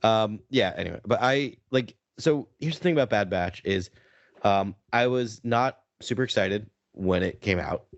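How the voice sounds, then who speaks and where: A man co-hosting a fan podcast in casual chat, rambling and excitable, restarting his sentences often. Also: fairly low pitch, moderate pace, lo-fi sound. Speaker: podcast co-host.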